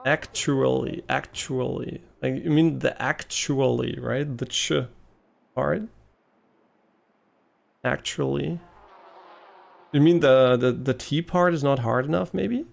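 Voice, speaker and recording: Gravelly German-accented man streaming. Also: medium pitch, normal speed, a little mellow. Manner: musing, hesitant, many ums and restarts. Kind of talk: casual live-stream chat while gaming.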